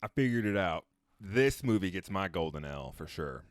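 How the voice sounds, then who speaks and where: A man with a lowish voice that jumps around a lot in pitch, talking in casual podcast chat. He jokes crudely and gets animated. The recording is dry. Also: moderate pace, no room sound. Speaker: podcast co-host. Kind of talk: casual film review chat.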